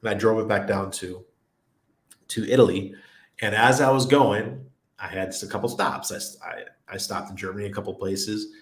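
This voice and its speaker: A man's voice: on the low side, fairly even intonation, normal speed. A middle-aged man hosting a casual crypto livestream, reading viewer comments and rambling through anecdotes with frequent laughs. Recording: roomy echo.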